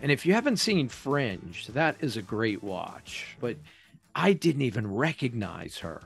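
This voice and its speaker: A man's voice: medium pitch, big pitch swings, a little slow, vocal fry, husky, soft background music. A man co-hosting a casual review chat, explaining eagerly and rambling with restarts. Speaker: podcast co-host.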